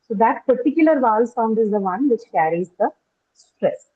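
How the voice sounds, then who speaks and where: A woman's voice: a little high, lively intonation, moderate pace, breathy edge, narrow, tinny audio. A woman with an Indian English accent, giving an English lesson and checking in with "right?" as she explains. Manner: explanatory, asks "right?" often. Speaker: English teacher. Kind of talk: classroom lecture.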